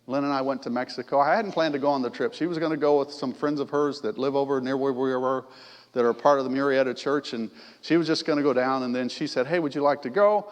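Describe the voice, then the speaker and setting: A middle-aged man with a mid-range voice preaches a sermon quickly in a church sanctuary. He keeps it conversational and puts questions to the congregation, his words trailing into long church reverb.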